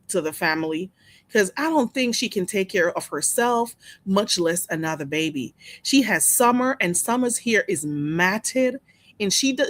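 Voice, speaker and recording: Female streamer, chatty and gossipy, animated delivery, dry close mic. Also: mid-range voice, no echo. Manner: chatty, gossipy, laughs often, reads out chat names. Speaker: live stream host. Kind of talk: casual live-stream chat with viewers.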